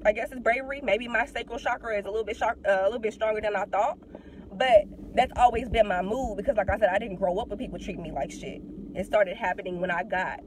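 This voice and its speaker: Woman, young adult, blunt and animated, swearing, getting over a cold, casual car monologue, faint traffic behind. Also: medium pitch. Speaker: vlogger.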